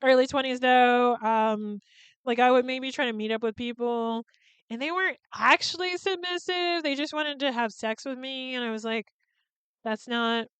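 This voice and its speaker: A woman's voice: sits high, normal speed, a bit bright, clear, resonant tone, dry recording. A woman in her thirties hosting a podcast, chatting casually and profanely as she recaps a movie and acts out its lines. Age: 30s. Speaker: podcast host.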